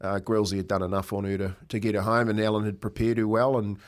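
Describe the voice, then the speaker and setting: A man's voice: fairly low pitch, level tone, fast talker. A New Zealand man chatting casually on radio, telling a long story with lots of fillers and restarts. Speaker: racehorse owner and regular.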